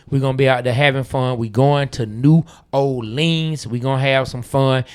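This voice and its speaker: Man, podcast co-host, relaxed banter, hype shout-outs. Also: mid-range voice, smooth. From Atlanta, USA. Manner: loose, teasing, hype, reads listener comments aloud. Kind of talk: casual podcast chat.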